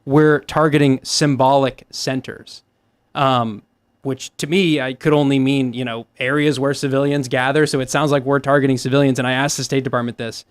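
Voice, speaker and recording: A man's voice: medium pitch, flat delivery, fairly quick, clear, resonant tone, no room sound. A man appearing as a guest reporter on a talk show, speaking in a hesitant way full of fillers. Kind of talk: casual political chat.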